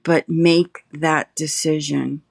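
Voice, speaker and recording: A middle-aged woman, a guest in recovery, telling her personal story slowly and reflectively, pausing often. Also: low voice, little pitch movement, gravelly, no room sound. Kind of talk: emotional personal testimony. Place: her apartment.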